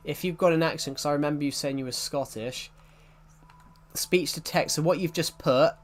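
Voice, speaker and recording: Chatting casually with viewers on a live stream and reading the chat, a young man with a mixed English and Welsh accent rambles and restarts his sentences. His voice is on the high side at a normal speed.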